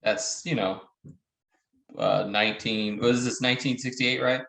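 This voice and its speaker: A man's voice: medium pitch, fairly even intonation, normal speed, gravelly, a bit bright, reverberant, rough recording. A man co-hosting a movie reaction, chatting casually and joking playfully. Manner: jokey, playful.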